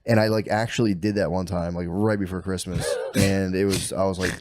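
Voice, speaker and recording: A man's voice: low voice, steady tone, fairly quick, over music. A man co-hosting a podcast in loose, profane casual chat, laughing often. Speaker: podcast co-host.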